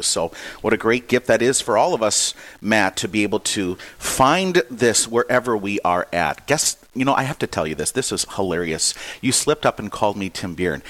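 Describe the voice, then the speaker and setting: A man, a priest, co-hosting a Catholic radio show and telling a funny story with laughter. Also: on the low side. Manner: animated storyteller, laughing often. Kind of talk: casual radio chat.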